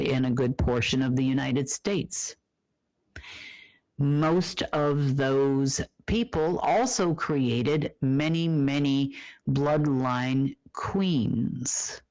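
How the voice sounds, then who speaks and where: Report host monologue, rhetorical questions answered aloud, drawn-out emphatic delivery, dull dry lo-fi sound. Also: medium pitch, darkish tone, no echo. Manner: asks rhetorical questions and answers them himself.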